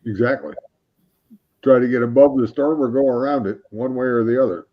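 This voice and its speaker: A man's voice: medium pitch, a little fast, dull audio. A man co-host in casual chat, mostly giving brief agreeing responses, with the odd joking aside.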